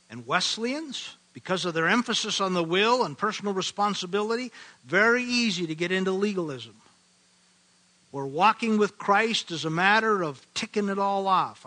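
An older man from the American Midwest preaching a sermon, earnest and emphatic, slowing to stress key phrases. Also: high-pitched, pushed and bright, poor audio. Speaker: pastor.

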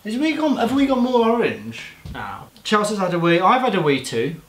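A man's voice: high voice, big pitch swings, moderate pace, fairly bright tone, reverberant. A man co-hosting a casual vlog from a bedroom, joking and thinking aloud. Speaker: vlogger co-host. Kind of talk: casual chat. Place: home bedroom.

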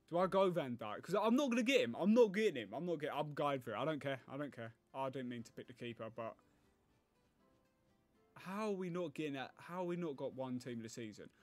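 A man's voice: fairly high pitch, no echo. A man giving live gameplay commentary as a gaming YouTuber. He thinks aloud, groans and pleads at the game.

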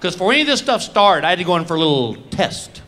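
A middle-aged man telling self-mocking stories in a live stand-up set, acting out his own reactions with animated delivery. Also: high voice, fast talker. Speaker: stand-up comedian. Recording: noisy live comedy recording.

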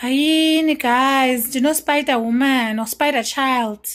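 A woman's voice: high voice, fairly even intonation, measured pace. A young South African woman chatting casually with her vlog viewers in her home kitchen, switching between Xhosa and English and often calling out to them. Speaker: mom vlogger.

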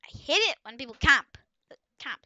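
A woman chatting through a video game, excitable and often bursting into startled screams as she talks to herself and the other players. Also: on the high side, a little fast, dry recording. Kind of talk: casual gameplay commentary.

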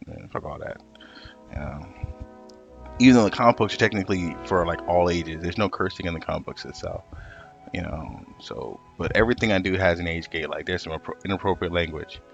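A man streaming live as a comic artist, telling a rambling, profane, animated story while he paints. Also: deep voice, gravelly, dull audio. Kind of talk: casual storytelling on a livestream.

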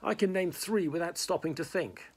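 Brief: a man doing a vain young wizard, sulky and dramatic, voice pitched up, for a storybook read-aloud. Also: normal speed, breathy edge. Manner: raised pitch, irritable and pleading lines.

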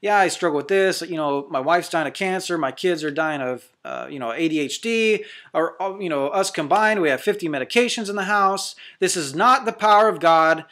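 Fiery high-voiced male preacher. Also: normal speed, few pauses, fairly bright tone. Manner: fervent, confrontational, repetitive declarations. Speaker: deliverance minister. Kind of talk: preaching sermon to camera.

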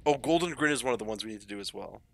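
A man's voice: medium pitch, animated, racing, creaky, fairly bright tone. A man streaming a game, chatting casually with friends and laughing often. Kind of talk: casual gaming chat.

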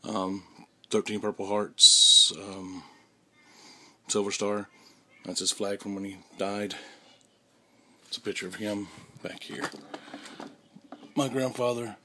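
A young man talking haltingly to his camera in a casual vlog, with many restarts and fillers. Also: fairly low pitch, steady tone, sharp tone, a little hiss or hum. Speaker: vlogger. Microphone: handheld camera mic.

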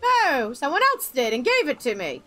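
A woman's voice: sits high, huge pitch swings, normal speed, sharp tone. A woman streamer chatting casually while gaming, sarcastic and playful, swearing freely. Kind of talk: casual gameplay chat.

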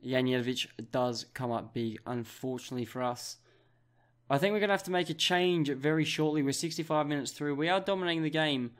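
A young Australian man commentating his football management game, with excitable play-by-play. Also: on the high side, fairly quick. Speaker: gaming YouTuber.

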